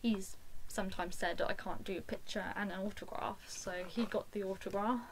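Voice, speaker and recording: A woman, excitedly telling a personal story to the camera in a casual vlog, with lots of "like". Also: medium pitch, normal speed, a little hiss or hum, low-quality recording. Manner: gushing and excitable, full of "like". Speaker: fan vlogger.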